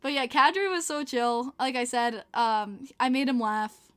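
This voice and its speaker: A woman's voice: high voice, unhurried, a bit bright, smooth. A young woman with a Long Island accent, hosting a podcast and telling stories in casual chat, laughing often. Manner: bubbly storytelling, laughing often. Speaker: podcast host.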